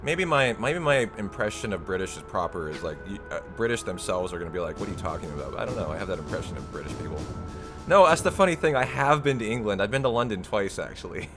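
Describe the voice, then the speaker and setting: A man's voice: lowish voice, very animated, quick pace. A man chatting casually with his viewers while speedrunning a game live, rambling and laughing often. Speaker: speedrunner streamer. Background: game music.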